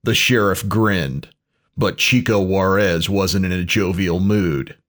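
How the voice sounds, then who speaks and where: A man narrates a parody pulp story in a dry, deadpan way. His voice is fairly low, and he reads at a very unhurried pace.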